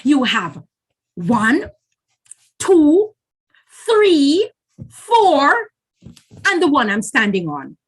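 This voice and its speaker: A woman voicing a polite young mother guinea fowl who speaks calmly and patiently. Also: high-pitched, drawn-out words, pauses often, voice pushed up, full character voice.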